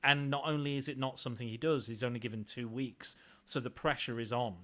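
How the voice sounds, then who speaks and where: Male podcast host, mid-pitched, casual, hesitant, lots of false starts. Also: fairly even intonation, a little fast, pushed and bright. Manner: hesitant, many restarts. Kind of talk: casual film discussion.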